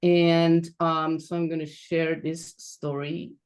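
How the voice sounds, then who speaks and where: A woman from Switzerland giving a reflective, measured personal storytelling talk as a guest speaker over a video call. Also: sits low, little pitch movement, darkish tone, clear, resonant tone. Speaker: guest speaker, transition coach.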